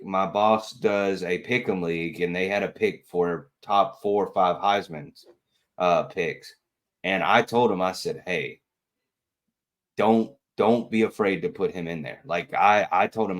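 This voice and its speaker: Slangy male co-host, very low voice, laid-back football chatter. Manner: loose, laughing, slangy. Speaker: podcast co-host. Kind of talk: casual sports chat.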